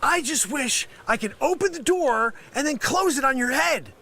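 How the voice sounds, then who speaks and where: A man playing a brash male scam caller posing as a tech company, yelling insults and swinging from loud to mumbled. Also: high voice, big pitch swings, moderate pace, heavily acted. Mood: insulting. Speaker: comedy sketch performer. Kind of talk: improvised comedy sketch.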